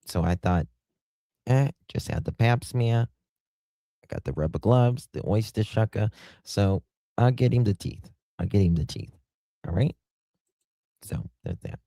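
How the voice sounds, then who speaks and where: A man's voice: fairly low pitch, unhurried, long pauses, mellow, no echo, clean studio sound. A man putting on a brash sponsor lady. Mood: chatty. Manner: rambling, blunt. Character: brash chatty woman sponsor pitching gag gifts.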